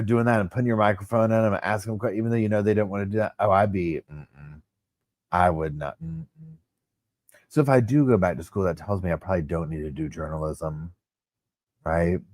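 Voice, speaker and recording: A man's voice: sits low, dry recording, studio quality. A man hosting a casual livestream, chatting with his viewers. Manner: chatty, animated, talks to viewers as y'all. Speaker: livestream host. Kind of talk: casual live chat with viewers.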